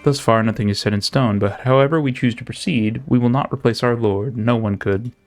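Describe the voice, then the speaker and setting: A man voicing a gentle, devoted woman of a city in a game, reading her lines in formal, old-fashioned phrasing. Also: medium pitch, fairly quick, faint music behind, lightly acted. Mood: earnest. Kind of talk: reading game dialogue aloud.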